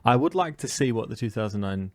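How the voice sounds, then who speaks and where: A man co-hosting a podcast, talking in a relaxed, rambling and playful way. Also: medium pitch, quick pace, no room sound. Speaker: podcast co-host. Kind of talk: casual chat.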